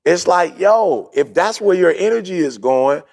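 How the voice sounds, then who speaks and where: A man in casual podcast chat, telling a story in a slangy, animated way and acting out what people said. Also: high-pitched, measured pace, creaky. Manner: animated, slangy, acts out his own quotes.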